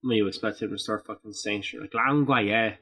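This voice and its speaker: A man's voice: on the low side, little pitch movement, quick pace, a bit bright, husky. A man co-hosting a casual podcast chat, rambling through explanations and swearing now and then. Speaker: podcast co-host.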